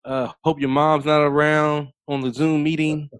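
A man's voice: on the high side, little pitch movement, normal speed, smooth, dry recording. Blunt straight-talking male teacher. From D.C. area. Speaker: teacher, podcast guest. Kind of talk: casual chat.

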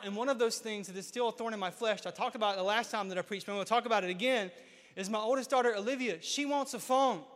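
A man in his thirties preaching a sermon as pastor, repeating key lines and building to loud, emphatic peaks. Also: high voice. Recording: hall reverb.

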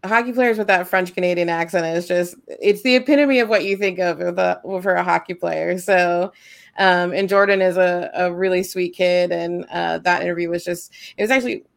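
Low, gravelly woman co-hosting. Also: steady tone, normal speed. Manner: gushing, enthusiastic. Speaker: podcast co-host. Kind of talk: casual chat.

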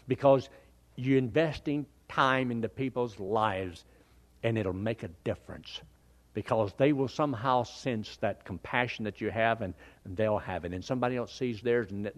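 An older man preaching a sermon in a folksy, animated way. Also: lowish voice.

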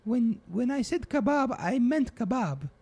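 Guy putting on a high squeaky 84 yr old granny, broken english, slow and blunt, teasing everyone. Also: sing-song, darkish tone, slightly rough, full character voice. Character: 84-year-old immigrant grandmother, doting and blunt. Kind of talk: improvised comedy podcast bit.

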